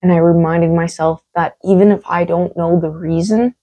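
A woman's voice: lowish voice, fairly even intonation, normal speed, highs cut off. A woman hosting a solo podcast monologue, talking candidly and emphatically, repeating words for stress and swearing freely. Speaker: podcast host.

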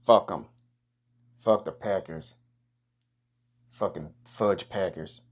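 A man hosting a comedy podcast, giving a crude, boastful hype monologue full of rowdy trash talk and loud whoops. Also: deep voice, slow, breathy edge.

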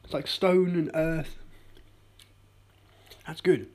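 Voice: medium pitch, steady tone, slow, a little mellow. Rambling chatty vlogger. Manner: rambling and chatty, with many ums and self-mocking asides. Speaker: vlogger tasting coffees. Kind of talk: casual daily video diary. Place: at home, indoors.

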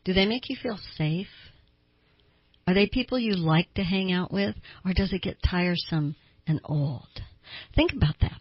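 A middle-aged woman therapist hosts her advice show, talking to listeners with an emphatic, conversational delivery. Her voice sits on the low side and is husky. The recording is dry and dull. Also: normal speed, dry recording. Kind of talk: advice talk show monologue.

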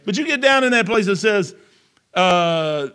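A man preaching a sermon in a folksy, emphatic way, swinging between loud outbursts and hushed low passages. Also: animated, unhurried, clear, resonant tone.

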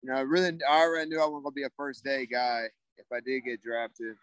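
A man's voice: mid-range voice, quick pace, fairly bright tone, smooth, no echo, rough recording. A laid-back young man telling a story in a casual interview, rambling with lots of fillers. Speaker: guest, former football player.

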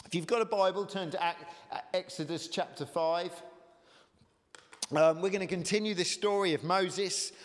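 High-voiced preacher in a hall. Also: male voice, moderate pace. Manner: conversational, with hesitant fillers and rising emphasis. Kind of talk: sermon.

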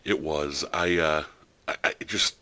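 A man's voice: extremely low pitch, fairly even intonation, unhurried, bright, forceful tone. A man hosting a podcast in casual chat, chatty and enthusiastic with a rambling way of telling stories. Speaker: podcast host.

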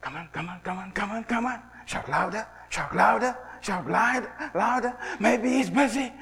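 Preacher playing a mocking prophet, high taunting voice, echoing hall. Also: male voice, moderate pace, gravelly, a little hiss or hum. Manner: jeering, egging on, rising louder. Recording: echoey hall.

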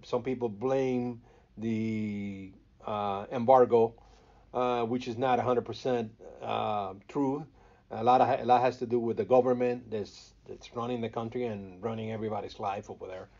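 A man from Cuba speaks English in a relaxed interview. He hesitates, repeats himself and pauses to find words. The audio is slightly muffled. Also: mid-range voice. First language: Spanish. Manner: hesitant, many fillers and restarts while searching for words. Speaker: radio host, interview guest. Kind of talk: casual interview talk.

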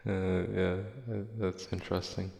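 A man's voice: low voice, monotone, a little slow, creaky, mellow. A male podcast host in casual chat, reading listener replies aloud in a profane, sarcastic, rambling way. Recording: echoey room with long reverb.

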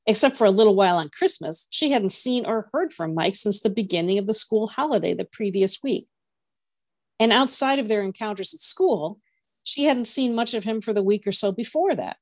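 A woman reading a novel aloud in a steady storytelling voice. Her pitch sits in a middle range, and the recording is dry and close. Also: dry recording. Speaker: podcast co-host, reader.

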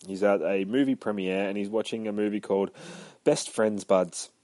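A man with a lowish voice chats through a comic book review at an easy, rambling pace. He swears freely and gets animated when retelling scenes. The sound is close and dry. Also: moderate pace, no room sound.

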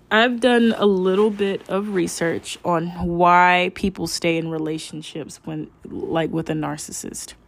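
Young woman solo podcaster, lowish voice, dry close mic, chatty and meandering with fillers. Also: no room sound. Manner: rambling, many fillers and restarts, addresses listeners as y'all. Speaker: podcast host. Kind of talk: casual spiritual podcast monologue.

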